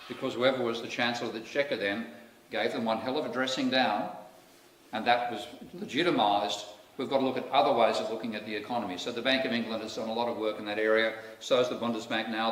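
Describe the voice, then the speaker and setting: With a medium-pitched, fairly bright voice, an Australian guest lecturer addresses the public in a wry, candid style full of asides. Recording is from a distant mic in an echoey lecture hall, faintly noisy.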